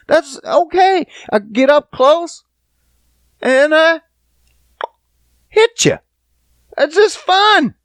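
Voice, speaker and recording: Animated, profane man ranting on a podcast. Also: very high-pitched, extremely slow, long pauses, no echo. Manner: profane, animated storytelling with voiced bits. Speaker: podcast host. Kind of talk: casual comedic podcast rant. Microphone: podcast studio mic.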